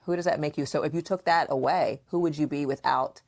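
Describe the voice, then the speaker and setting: A woman hosting a casual podcast chat, asking questions and acting out remembered dialogue in a playful, animated way. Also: low voice, fairly quick. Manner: frequent laughter and questioning. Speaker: podcast host and mother.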